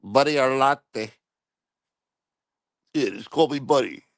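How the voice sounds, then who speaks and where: In a dry recording, a channel host with a mid-range voice tells stories slowly in a laid-back, rambling, crude style of casual commentary.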